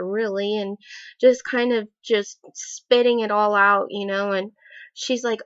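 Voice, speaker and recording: A woman's voice: medium pitch, fairly even intonation, takes it slowly, no echo. A young woman telling a personal story in a vlog, rambling and full of fillers. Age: young adult. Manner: rambling, filler-heavy retelling with many "like"s. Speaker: vlogger. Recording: dull, lo-fi sound.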